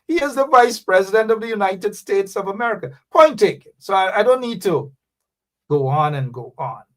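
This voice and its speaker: Animated man hosting talk radio. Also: sits high, moderate pace. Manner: animated, preachy, calls out names, repeats phrases for emphasis. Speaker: radio show host. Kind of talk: live political talk radio, reading viewer comments.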